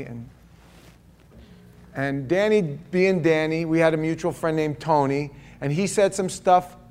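A man's voice: a little high, darkish tone. A man preaching in a church, telling a personal testimony in a conversational, emotional way with frequent restarts. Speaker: pastor. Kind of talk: sermon testimony.

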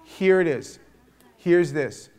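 A middle-aged man leading a casual parenting talk to a group, telling stories in a lively, animated way. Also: fairly high pitch, slow.

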